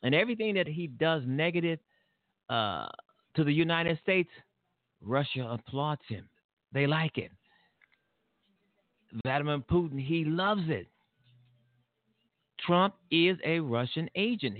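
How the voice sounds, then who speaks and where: A man's voice: fairly high pitch, expressive, measured pace, long pauses, no echo, phone-quality sound. A man hosting his own political talk show, talking bluntly and profanely in a rambling monologue full of fillers and restarts. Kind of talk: casual political commentary monologue.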